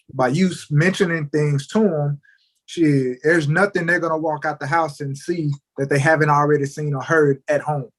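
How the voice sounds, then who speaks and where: A man co-hosting a podcast in casual chat, making earnest points and often repeating words as he gets going. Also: a little high. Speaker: podcast co-host.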